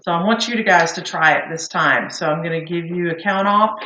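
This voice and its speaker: A woman teaching a vocal warm-up lesson, patiently counting beats aloud for her students. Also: lowish voice, brisk, hardly any pauses. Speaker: singing teacher. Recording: echoey room.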